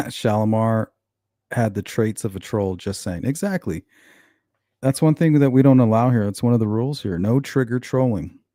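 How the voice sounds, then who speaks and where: A man's voice: mid-range voice, expressive, normal speed, dark tone, no room sound, studio quality. A man hosting a casual true-crime livestream, reading comments out and answering viewers in a blunt, sarcastic way. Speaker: true-crime channel host.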